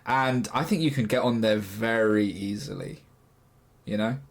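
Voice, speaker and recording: A man's voice: lowish voice, measured pace, gravelly. A man hosting a casual interview over a video call, easygoing, laughing along and asking follow-up questions. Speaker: podcast host. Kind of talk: casual chat.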